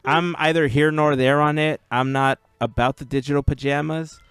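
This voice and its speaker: A man's voice: fairly high pitch, steady tone, fairly bright tone, clean tone, no echo. A man hosting a podcast, chatting casually and telling stories with easy laughs. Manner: chatty, laughs easily, drawn-out storytelling. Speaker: podcast host. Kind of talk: casual chat.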